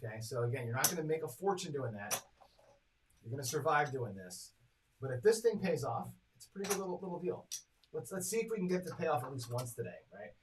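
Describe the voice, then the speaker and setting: A man with a fast, expressive, rather high voice hosts a live craps strategy stream against a noisy background. Chatty and casual, he calls each dice roll, tallies his bets aloud, and speaks directly to viewers in chat.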